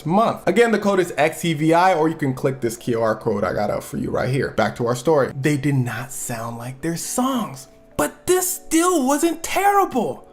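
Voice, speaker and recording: Man, American, comic storyteller, bouncy expressive pitch, slangy, does voices for the people he quotes, faint music underneath. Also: moderate pace, few pauses. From United States. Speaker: YouTube storyteller and reviewer. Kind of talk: comedic storytelling commentary.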